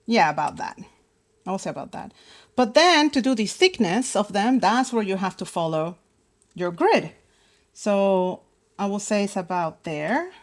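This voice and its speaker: A young woman leads a casual drawing lesson, talking through each step as she sketches. She thinks out loud, backs up, restarts her sentences and fills the pauses with little words. Her pitch sits in an ordinary middle range for a woman. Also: very animated. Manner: chatty, thinks aloud with many fillers and restarts. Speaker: art teacher.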